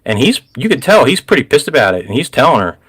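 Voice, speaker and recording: A man hosting a casual recap chat, rambling, laughing often and getting excited. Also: mid-range voice, quick pace, breathy edge. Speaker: podcast host.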